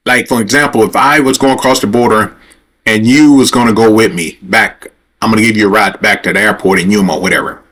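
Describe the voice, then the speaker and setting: A man's voice: on the low side, fairly even intonation, fairly quick, a bit bright. A man hosting a livestream, telling a story in a rambling, conversational way straight to his viewers, and growing heated and profane as he retells a confrontation. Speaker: livestream host.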